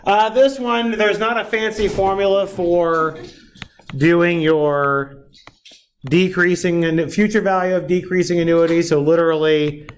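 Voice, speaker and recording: A man lecturing a classroom in a fairly high voice, checking in with the class after nearly every step. He keeps it casual and a little teasing with the students. Faint noise sits under the recording. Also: steady tone, unhurried. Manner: asks the class frequent tag questions. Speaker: math lecturer.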